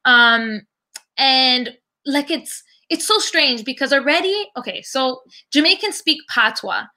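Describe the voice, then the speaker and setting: Bright-voiced woman guest, lively storyteller, casual podcast chat. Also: high-pitched, measured pace. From Toronto, Canada. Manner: animated storyteller, many "like" fillers. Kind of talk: casual conversation.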